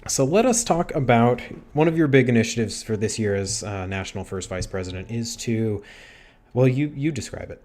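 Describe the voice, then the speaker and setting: A man's voice: medium pitch, animated, normal speed, a little mellow. A man hosting a livestream interview, chatty and self-deprecating with playful asides. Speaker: livestream host. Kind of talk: casual interview chat.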